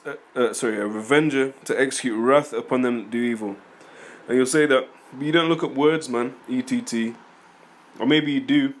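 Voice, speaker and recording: Casting: man, mid-pitched, informal scripture teacher, rambling, argumentative, talks back to critics. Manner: rambling, conversational, reads scripture aloud then comments; argumentative, addresses critics directly. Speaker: religious teacher.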